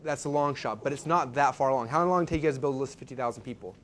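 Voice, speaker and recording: A man's voice: medium pitch, a little hiss or hum. A man presenting a live marketing seminar, telling stories and tossing questions and asides to the audience. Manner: fast, animated storytelling with asides to the audience.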